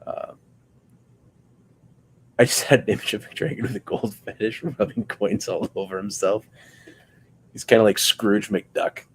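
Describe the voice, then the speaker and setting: A man's voice: lowish voice, fairly even intonation, unhurried, long pauses, slight background noise. A man chatting casually on a livestream while building a puppet, rambling and joking as he thinks aloud about each step. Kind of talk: casual livestream craft chat.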